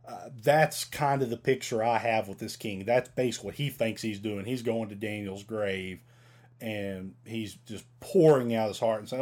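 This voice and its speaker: A man's voice: fairly low pitch, normal speed, darkish tone. A man teaching a Bible passage in a casual, conversational way, reading verses and stumbling over archaic words.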